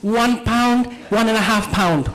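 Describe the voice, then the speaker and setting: High-voiced male stand-up comic. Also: low-quality recording. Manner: animated, jumps into quick character voices. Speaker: stand-up comedian. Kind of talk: stand-up comedy set. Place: comedy club stage with live audience.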